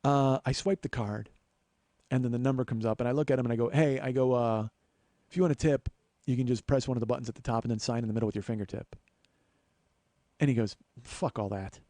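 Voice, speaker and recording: A man's voice: medium pitch, steady tone, fast, long pauses, dark tone, no echo. A male comedian and podcast host telling a profane, sardonic story as a ranting monologue.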